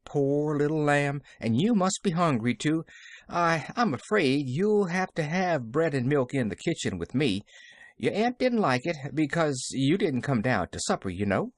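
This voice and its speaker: A man voicing a flustered, excitable young woman servant who exclaims in rustic country speech. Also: fairly high pitch, a little slow, no room sound, clean studio sound, voice pushed up. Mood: fond.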